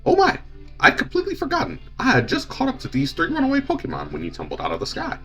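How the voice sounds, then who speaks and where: A genteel professor, very high and swooping, prim and fussy. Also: male voice, wildly swooping pitch, fast talker, breathy edge, soft background music, full character voice. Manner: prim, old-fashioned gentlemanly phrasing. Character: polite fussy male professor, genteel and excitable.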